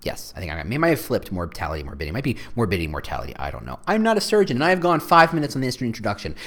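Man, solo podcast host, very animated pitch, rambling, self-deprecating, playful. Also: rapid-fire.

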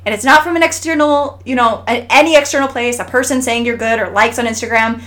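Her voice is fairly high, a bit bright, and quick. She's an Idaho woman co-hosting a podcast, chatting casually in an earnest, encouraging way, full of fillers and restarts.

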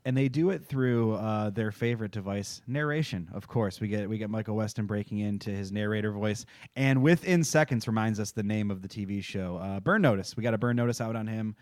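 A man's voice: on the low side, brisk, few pauses, a little mellow, no echo, studio quality. A man co-hosting a podcast in casual chat, joking and loose, a little tipsy. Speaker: podcast co-host.

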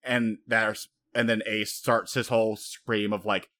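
A man with a somewhat low voice talks through a story in a loose, rambling way. He keeps drifting into quoted lines as he retells scenes, and the whole thing sounds like a relaxed podcast chat between friends. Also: unhurried. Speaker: podcast co-host. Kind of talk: casual anime discussion.

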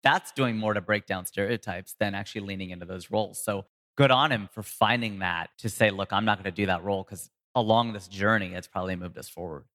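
A comedian and voice actor in a casual interview, telling stories with sudden jumps in pitch for emphasis. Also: male voice, fairly quick, fairly bright tone, big-room sound.

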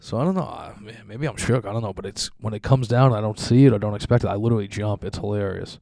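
A young man delivers a rambling, foul-mouthed podcast monologue, jumping between crude tales and chuckling as he goes. His fairly low, mellow voice is creaky and fast, captured dry and close with no echo.

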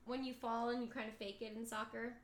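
An animated woman co-hosting a laid-back group chat, with a fairly high voice. She gets loud when she does impressions. The room around her is echoey. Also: fast talker. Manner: animated, loud when mimicking angry players. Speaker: podcast co-host.

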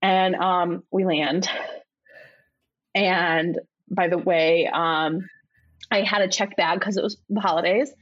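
A woman telling a story in casual conversation, slipping into high imitated voices and laughing as she goes. Her voice is a little husky and the sound is dry and somewhat dull, like a modest home recording. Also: steady tone, takes it slowly, long pauses, no room sound. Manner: laughs often while telling. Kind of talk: casual chat.

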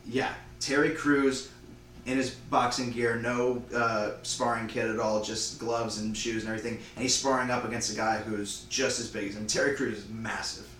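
A man casually retelling an invented movie plot, rambling and slipping into quick voices for the characters. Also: medium pitch, flat delivery, fairly bright tone, roomy sound, distant mic, a little hiss or hum, rough recording.

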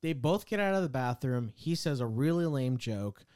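A man's voice: medium pitch, lively intonation, moderate pace, darkish tone. A man co-hosting a podcast, recapping a movie in casual chat and acting out lines in playful quoted voices. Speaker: podcast co-host.

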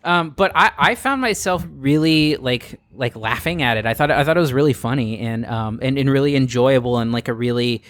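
A man's voice: medium pitch, a bit bright, no echo. A man co-hosting a casual podcast chat, speaking hesitantly with restarts. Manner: hesitant, halting. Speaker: podcast co-host.

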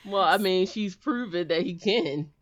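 A woman co-hosting a podcast, chatting casually about a TV episode in a relaxed, laid-back way. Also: lowish voice, a little slow. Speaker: podcast co-host. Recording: dull lo-fi audio.

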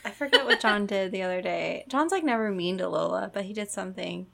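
A woman's voice: mid-range voice, fairly quick, gravelly, fairly bright tone. A young woman chatting casually with friends in an easygoing, matter-of-fact way. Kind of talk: casual chat among friends.

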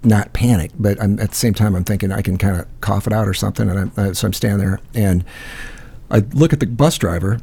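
A man's voice: lowish voice, fast, vocal fry, dark tone, breathy edge. A man hosting a call-in show, telling a rambling, profane story full of fillers. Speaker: host. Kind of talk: casual storytelling.

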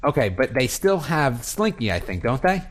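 A man's voice: mid-range voice, very animated, normal speed. A man on a casual podcast telling a story with lots of energy, acting out the voices of the people in it and laughing often.

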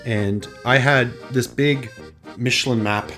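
Brief: Canadian male podcast host, mid-pitch, chatty, self-mocking storyteller, faint music behind. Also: slow pace. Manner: animated, self-deprecating storyteller. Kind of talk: casual storytelling chat.

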